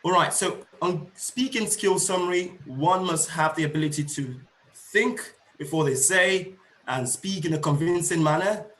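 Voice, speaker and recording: A middle-aged man presenting an online teacher-training seminar, explaining points slowly and rephrasing them, with fillers. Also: on the high side, a bit bright, echoey room.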